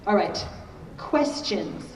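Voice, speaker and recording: Middle-aged woman lecturing in an echoey hall. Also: slow. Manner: conversational, keeps checking in with "okay?". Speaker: conference speaker on parenting. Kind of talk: conference talk. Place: large conference hall. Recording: echoey hall, distant mic, faint noise.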